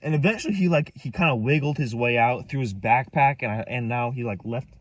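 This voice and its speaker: A young male vlogger rambles through a story from his own life, restarting and repeating himself as he casually tells it. His medium-pitched voice runs a little fast, with no echo, and he sits back from the mic.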